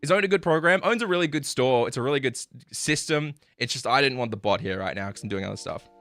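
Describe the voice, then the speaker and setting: Guy ranting on his stream, swearing a lot, keeps saying sorry, bright sharp tone, faint music under it. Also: expressive, fast talker, no echo. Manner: frustrated, profane, apologetic; swings between loud outbursts and low muttering. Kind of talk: live-stream rant.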